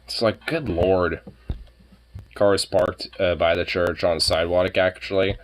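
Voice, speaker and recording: A man's voice: deep voice, fairly even intonation, a little slow, a little hiss or hum. A drunk man streaming, chatting casually in a rambling, profane way. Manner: rambling, profane, laid-back. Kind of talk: casual live-stream chat.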